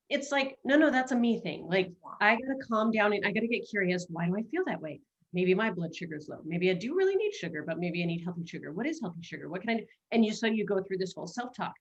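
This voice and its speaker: A woman's voice: mid-range voice, expressive, fast talker, highs cut off. A middle-aged woman hosting a webinar, coaching in a casual, playful way and slipping into quoted self-talk, speaking over a video call.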